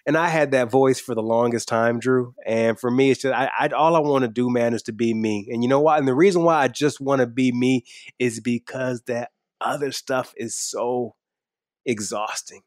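A man's voice: mid-range voice, moderate pace, no room sound, studio quality. A man speaking as a podcast guest in a casual, earnest and enthusiastic way, repeating words when he is emphatic. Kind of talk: casual interview talk.

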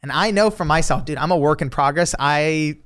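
A male author guest tells stories in a loose, animated way, laughing often and dropping swear words. He leans on lots of fillers like "like" and "you know". His voice is slightly high for a man. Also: brisk. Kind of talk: casual storytelling.

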